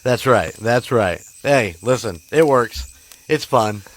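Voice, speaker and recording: A man's voice: mid-range voice, expressive, slow. A man hosting a podcast in casual chat, laughing often and agreeing with his co-host.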